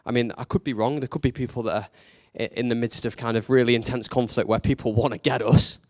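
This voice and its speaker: A man's voice: mid-range voice, steady tone, fast, a little mellow, no echo, clean studio sound. A man preaching a sermon in a conversational, candid way, leaning into emphatic rhetorical questions.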